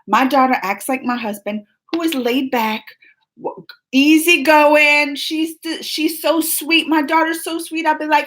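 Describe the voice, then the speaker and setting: A woman in her thirties hosting a casual livestream, chatting and rambling to viewers with lots of restarts and asides, her pitch jumping up when she gets excited. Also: measured pace. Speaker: livestream host. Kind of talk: casual live chat with viewers.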